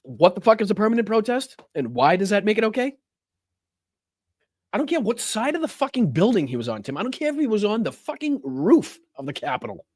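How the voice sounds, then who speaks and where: A man's voice: high voice, big pitch swings, brisk, a little mellow, no room sound. A man hosting a political livestream, reacting to clips with heated, profane, mocking commentary. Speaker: political talk show host.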